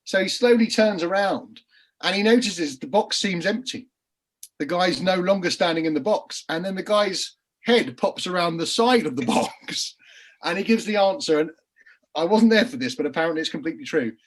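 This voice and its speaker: Husky guy on a video call, kinda high voice, rambling barrister stories, laughs as he goes. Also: normal speed. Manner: animated storyteller, laughs mid-story, frequent restarts. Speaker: crime writer and former barrister on a panel. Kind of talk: casual panel chat, anecdotes.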